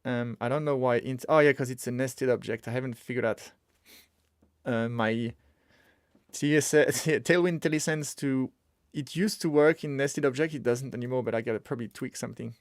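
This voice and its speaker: Coding live on stream at a normal pace, a man speaks in a medium-pitched voice, chatting casually and muttering as he works through things aloud. His audio is clean studio sound without echo.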